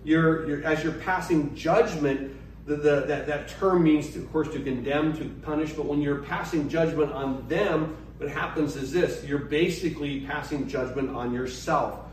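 A man's voice: on the high side, fairly even intonation, moderate pace. Preaching man in an echoey hall. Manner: emphatic, repeats and restarts, asks the congregation questions. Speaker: pastor. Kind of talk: sermon. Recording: echoey hall, mic at a distance, faint noise.

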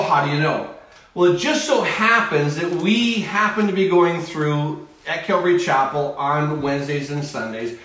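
Male pastor, high voice, mid-sermon, mic distant, heavy church reverb. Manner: preaching with sudden swings in speed and volume. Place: church sanctuary. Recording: very echoey church hall from far off.

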